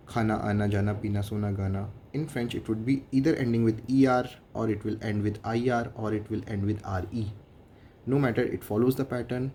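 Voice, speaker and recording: A man's voice: fairly low pitch, dark tone, a little hiss or hum. A man with an Indian English accent, a French teacher explaining grammar methodically and translating each example line by line.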